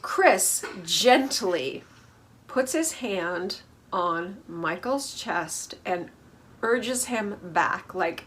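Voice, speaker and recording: A woman's voice: medium pitch, animated, extremely slow, a bit bright, slight background noise. A woman hosting a casual reality TV recap, snarky and gossipy, laughing at the drama.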